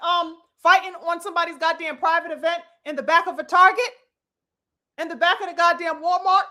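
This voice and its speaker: High bright-voiced woman ranting preachily. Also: steady tone, fairly quick. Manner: preachy, mocking, addresses viewers as brothers and sisters; blunt, profane, rhetorical questions. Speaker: boxing commentary host. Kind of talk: opinionated commentary rant.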